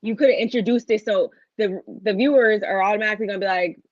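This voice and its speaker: A woman co-hosts a casual livestream chat, rambling and thinking aloud as she goes. Her mid-pitched voice is recorded dry and close, with a slightly dull, muffled sound. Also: quick pace, no echo. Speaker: co-host.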